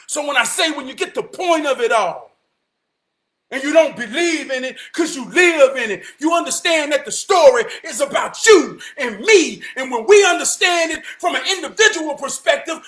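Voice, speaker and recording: A man with a very high, sharply bright voice delivers a fired-up motivational monologue. He lurches from loud shouting down to low muttering, hammers lines by repeating them, and curses freely. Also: lively intonation, normal speed. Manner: heavy cursing, repeats phrases for emphasis.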